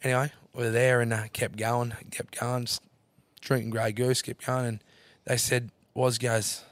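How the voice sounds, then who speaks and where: A man's voice: medium pitch, normal speed, no room sound. A man telling a long wild story as a podcast guest, swearing freely and acting out what everyone said. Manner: animated yarn-teller, swears freely, acts out others' lines. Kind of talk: casual storytelling chat.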